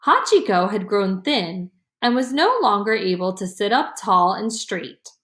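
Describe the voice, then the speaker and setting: A woman reading a children's chapter book aloud in a gentle, expressive storytelling voice. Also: mid-range voice, unhurried. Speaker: audiobook reader. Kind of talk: slow storybook narration. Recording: roomy echo.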